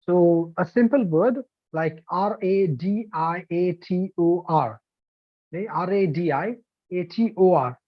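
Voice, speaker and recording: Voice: medium pitch, measured pace. An instructor from India with an Indian English accent, teaching a live online demo lesson and often checking in with "okay?" and "you know". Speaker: TEFL course instructor. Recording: dull lo-fi online class audio.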